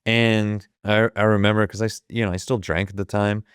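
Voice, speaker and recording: Deep-voiced man in his fifties, swearing storyteller. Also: level tone, fairly quick, smooth, no echo, clean studio sound. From Ohio. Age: 50s. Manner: profane, vivid retelling that acts out the quoted dialogue. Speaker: guest, photographer. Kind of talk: casual storytelling.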